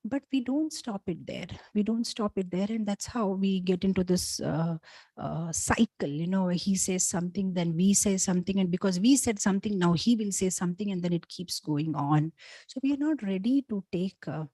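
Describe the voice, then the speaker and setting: A woman, a spiritual teacher, telling scripture stories in a talk, animated, with frequent "you know" fillers. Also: mid-range voice, moderate pace, no echo.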